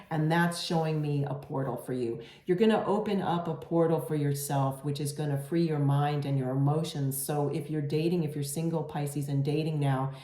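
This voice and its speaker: A woman's voice: low voice, dark tone. A woman giving a casual, reassuring tarot reading to camera, with many fillers and restarts. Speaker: tarot reader. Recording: echoey room.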